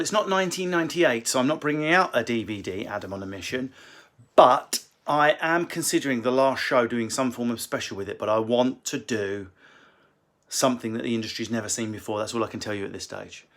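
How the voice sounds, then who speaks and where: A male comedian answers viewer questions in a casual live session from a library room at home. His banter is quick, cheeky and crude. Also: mid-range voice, a bit bright.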